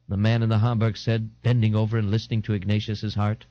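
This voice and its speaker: A man narrating an audiobook in an expressive, dramatic reading. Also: lowish voice, fast, dry recording. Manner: expressive, animated. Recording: dull lo-fi 1980s audiobook tape.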